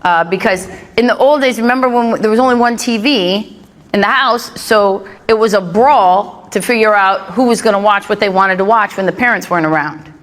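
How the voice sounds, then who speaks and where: A woman's voice: mid-range voice, normal speed. A middle-aged woman doing a stand-up routine on a club stage, telling punchy, brash stories and working the crowd. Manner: brash, punchy storytelling with jokes landing to laughter. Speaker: stand-up comedian. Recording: live club recording with loud crowd laughter. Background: loud audience laughter.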